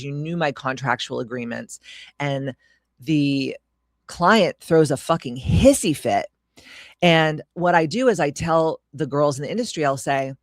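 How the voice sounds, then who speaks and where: A woman's voice: sits low, dry recording. A woman business coach delivers a solo podcast talk in a dry, close-miked sound. She is blunt and emphatic, swears without a second thought, and drives her points home by stacking them in lists.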